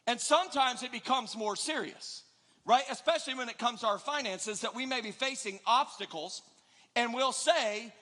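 A male preacher giving an energetic, joking sermon to a live audience, often questioning them. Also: very high-pitched, moderate pace. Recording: long hall reverb.

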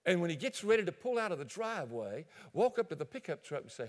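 Male pastor, sermon, animated storytelling, high voice, long hall reverb. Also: a little fast, hardly any pauses. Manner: animated storytelling, addresses listeners directly.

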